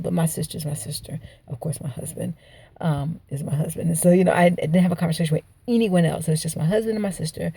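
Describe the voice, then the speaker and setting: A woman's voice: low voice, gravelly, mellow, breathy edge. A middle-aged woman recording a personal video journal, telling her story in a rambling, emotional way. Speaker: video diarist.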